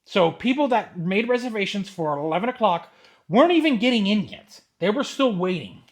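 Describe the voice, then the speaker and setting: High-voiced man ranting while opening cards. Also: normal speed. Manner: rambling, exasperated, with excited asides. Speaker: card collector vlogger.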